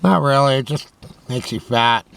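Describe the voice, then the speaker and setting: Recorded on a tripod-mounted camera, this man hosts a pretend late-night radio show from his van, chatting loosely and joking to himself. His medium-pitched voice is gravelly and fairly bright, with lively intonation at a normal speed.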